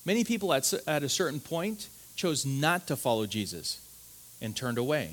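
A man's voice: medium pitch, expressive, moderate pace, fairly bright tone. A man preaching a sermon in an earnest, emphatic way, often restarting his words and asking "right?". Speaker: pastor.

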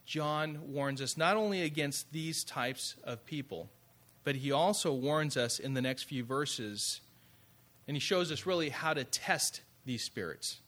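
A man's voice: fairly high pitch, unhurried, a bit bright. A man preaching a sermon in a conversational way, often asking rhetorical questions. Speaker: pastor.

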